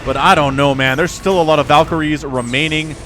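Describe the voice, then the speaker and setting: A young man giving chatty, excitable solo play-by-play commentary on a strategy video game, laughing now and then as he talks. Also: a little high, a little fast, faint music behind. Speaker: esports caster.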